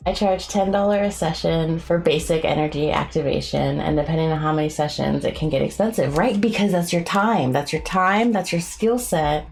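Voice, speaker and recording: A woman's voice: sits low, moderate pace, gravelly, few pauses, soft background music. A young woman chatting casually on a live stream, rambling and giggling often, with a self-deprecating streak. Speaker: streamer and artist.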